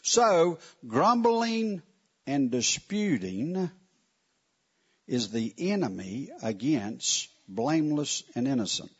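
A man's voice: mid-range voice, big pitch swings, slow pace, breathy edge. A man teaching a Bible lesson in a conversational, wry way, often putting questions to his listeners. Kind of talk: sermon teaching. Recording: dull lo-fi recording.

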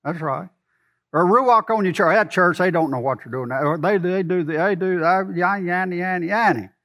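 At a normal speed, a high-voiced male pastor delivers a sermon that alternates loud emphasis on key points with soft, low asides. He keeps questioning the congregation throughout.

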